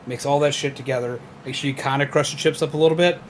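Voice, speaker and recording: A man's voice: mid-range voice, steady tone, fast talker, slight background noise. A young man playing a horror game and chatting casually, swearing and rambling with lots of fillers. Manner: laid-back, swears, loose filler-heavy storytelling. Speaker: gamer. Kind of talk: casual let's-play chat.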